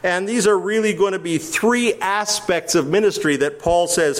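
A male pastor preaches at a church service with a notably high voice. He stresses key words with emphasis, explains the original wording of the text, and puts questions to his listeners. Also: normal speed, few pauses. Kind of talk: expository sermon.

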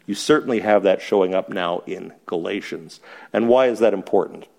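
A man's voice: low-pitched, normal speed, gravelly, darkish tone. A man teaching a Bible study to a small group in a church, chuckling often and asking rhetorical questions and then answering them.

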